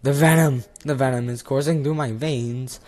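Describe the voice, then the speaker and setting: A man voicing a pompous, melodramatic male lawyer who is dying, reading haltingly and stumbling over words in an amateur script reading. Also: fairly low pitch, a little mellow, close to an everyday voice.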